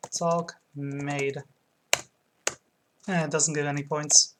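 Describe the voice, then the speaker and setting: A woman chatting through a let's play, giggling and reading viewers' messages aloud. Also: low voice. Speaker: streamer. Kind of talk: let's play game commentary.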